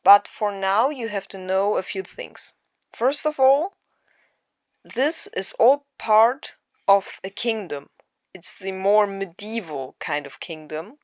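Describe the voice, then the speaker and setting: Unhurried woman narrating a game map tour, hesitant and full of fillers, dry close sound. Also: mid-range voice, no room sound, muffled recording. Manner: halting, searches for words, many fillers. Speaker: Minecraft builder giving a map tour. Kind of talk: casual narrated build tour.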